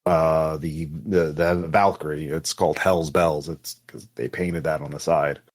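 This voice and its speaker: A man's voice: a bass voice, steady tone, measured pace, pitched below the performer's own voice. A man voicing a blunt, casual man offering a deal in a tabletop role-play.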